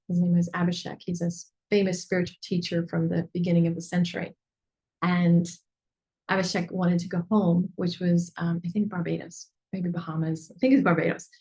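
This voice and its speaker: Chatty woman business mentor. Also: lowish voice. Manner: animated, chatty, lots of fillers and asides. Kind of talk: coaching session teaching.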